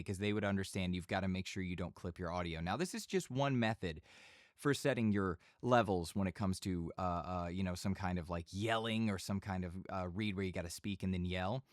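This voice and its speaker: Deep-voiced man teaching in a dry studio. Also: no echo. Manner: relaxed conversational teaching, occasional bursts of yelling demos. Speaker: voice-over instructor. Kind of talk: casual tutorial explanation. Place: home recording studio. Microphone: studio microphone.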